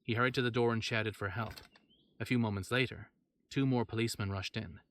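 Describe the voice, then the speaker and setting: A man reading a horror story aloud in steady narration, with wry asides. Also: mid-range voice, brisk.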